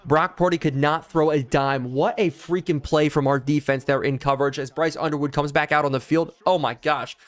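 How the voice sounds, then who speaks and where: Fast-talking hyped male game streamer. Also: a little high. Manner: hyped play-by-play, chatting with viewers; excited yelling on big plays. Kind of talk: live gameplay commentary.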